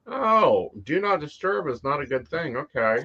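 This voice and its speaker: A man's voice: a little high, sing-song, normal speed, gravelly, bright, forceful tone, dull audio, slight background noise. A man co-hosting a casual chat about psychic life, blunt and free with swear words. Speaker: psychic co-host.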